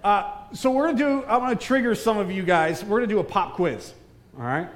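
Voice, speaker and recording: A man's voice: high-pitched, brisk. A man preaching to a live church congregation as a guest pastor, joking and teasing the crowd with lots of energy. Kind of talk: live church sermon with banter. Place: large church hall with congregation. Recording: distant reverberant hall, faint room noise.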